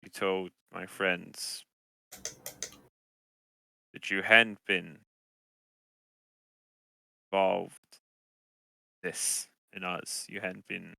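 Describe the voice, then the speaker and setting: A man's voice: low-pitched, vocal fry, sharp tone. A man playing a tabletop game, speaking hesitantly and searching for words in character. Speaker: player.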